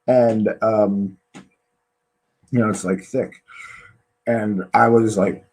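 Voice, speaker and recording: A man's voice: lowish voice, steady tone, slow pace, darkish tone, breathy edge, low-quality recording. A man hosting a podcast interview, telling frank stories in casual chat with many fillers. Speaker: podcast host.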